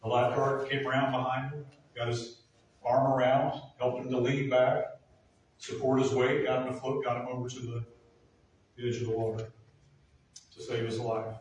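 A man's voice: medium pitch, flat delivery, moderate pace, a little hiss or hum. A man preaching a sermon as pastor, earnest and building to emphatic peaks. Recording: echoey room from far off.

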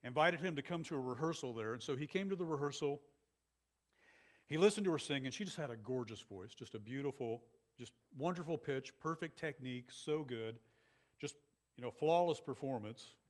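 Preaching briskly with a medium-pitched voice, this male pastor keeps his sermon conversational and animated, peppered with frequent asides to the congregation.

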